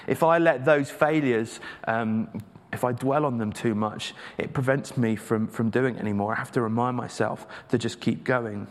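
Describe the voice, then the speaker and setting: Casting: man from England, mid-pitched preacher, relaxed, self-deprecating sermon delivery, long church reverb. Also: moderate pace. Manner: conversational, self-deprecating with hesitant fillers.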